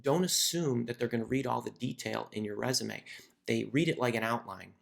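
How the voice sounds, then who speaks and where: A man's voice: medium pitch, brisk, creaky. A man who hosts a career advice video, teaching in a conversational way and often repeating words as he thinks. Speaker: career coach and video host. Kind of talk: instructional talk to camera.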